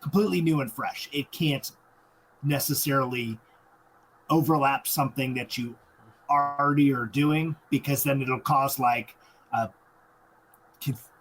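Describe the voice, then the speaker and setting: A man co-hosting a podcast, explaining movie details in halting bursts with many restarts. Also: medium pitch, fairly bright tone, a little hiss or hum, poor audio. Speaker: podcast co-host. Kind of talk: casual movie discussion.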